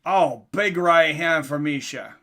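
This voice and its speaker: A man doing casual live commentary on a fight for his stream chat, getting louder and more excited at big moments. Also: on the high side, slow pace.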